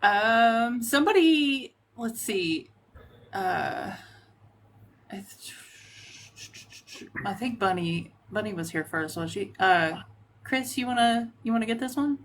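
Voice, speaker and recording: A woman hosts a call-in live stream, speaking at a slow, relaxed pace. She keeps her remarks short and easygoing as she prompts the caller. A faint hum of background noise sits under her voice. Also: fairly high pitch. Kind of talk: casual chat.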